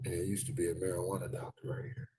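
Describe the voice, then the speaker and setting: A man with a low, slightly husky voice rambles through crude, joking commentary on a live stream. He talks loosely and casually, riffing from outdoors by a store. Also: flat delivery, racing, warm tone. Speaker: livestream host.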